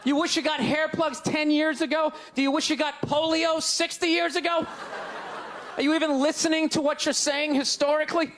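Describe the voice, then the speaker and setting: High-pitched ranting stand-up comic man. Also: level tone, normal speed, a little hiss or hum. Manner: loud ranting, sarcastic jabs at the audience. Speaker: stand-up comedian. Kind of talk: stand-up comedy set. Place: comedy stage before a live audience.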